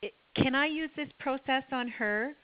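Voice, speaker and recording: A woman's voice: high voice, moderate pace, no echo, lo-fi sound. A woman on a workshop call, asking a question through a chatty story. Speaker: workshop participant.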